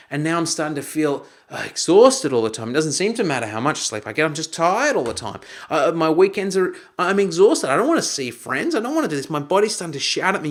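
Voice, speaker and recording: A man's voice: a little high, brisk. A man coaching a group, teaching with acted-out examples and raising his voice for quoted lines. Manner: animated, acts out shouted quotes.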